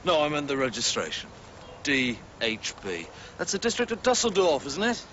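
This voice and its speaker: A smug customs officer who stays politely sly. His voice is mid-pitched, and the old TV audio is dull with faint hiss. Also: wildly swooping pitch, normal speed, pushed and bright, exaggerated voice.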